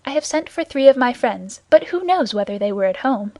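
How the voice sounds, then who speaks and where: A woman's voice: on the high side, lively intonation, fairly quick, dark tone, no room sound. Brave young guardsman in an audiobook, read by a woman: earnest, gallant, commanding, dry recording.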